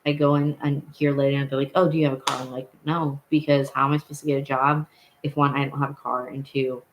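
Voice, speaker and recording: Young male vlogger at mid pitch, casual storytelling, loose and rambling, stops and corrects himself often. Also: level tone, fast, lo-fi sound, noisy background. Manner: rambling, with many fillers and self-corrections.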